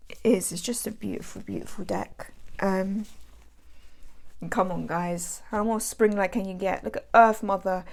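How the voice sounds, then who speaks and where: A woman's voice: mid-range voice, creaky, darkish tone. A British woman hosting a tarot channel, chatting casually about her decks in a rambling way, with self-mocking asides. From England.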